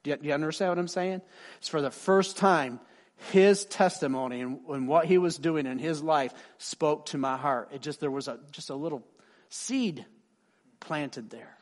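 A man preaching a sermon, telling a story with lively voices for the people he quotes and dropping soft and quiet for emphasis. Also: normal speed. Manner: animated, acts out quoted people with big pitch swings. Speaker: pastor.

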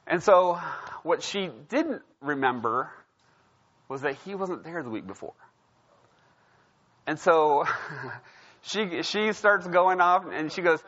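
Slightly high-voiced guy pastor, chatty sermon, keeps saying right?, dull lo-fi audio. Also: lively intonation, slow, pauses often, a bit bright. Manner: conversational, storytelling, frequent "right?". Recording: dull lo-fi sound.

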